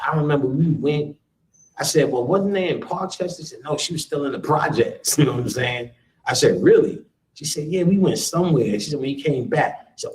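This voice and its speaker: Man, storyteller at a live talk, profane and laughing, roomy echo. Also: mid-range voice. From United States. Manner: profane, laughing, animated with quoted voices. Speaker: lecturer telling a family story. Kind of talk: casual storytelling to a live audience. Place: lecture room. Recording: roomy live lecture room.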